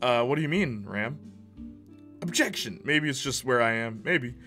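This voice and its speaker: A man's voice: medium pitch, moderate pace, sharp tone, soft background music. A young man from Canada, a streamer chatting casually with his viewers, loose and joking, laughing often. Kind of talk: casual chat, reading live chat.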